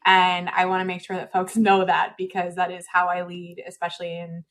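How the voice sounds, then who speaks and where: Relaxed friendly woman podcast guest. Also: on the low side, fairly quick. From Nebraska, US. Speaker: guest, education official. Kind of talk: casual interview chat.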